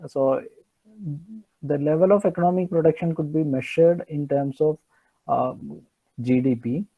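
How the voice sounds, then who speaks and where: A man's voice: a little high, unhurried, narrow, tinny audio. A man giving an online engineering lecture, hesitant with many fillers and restarts.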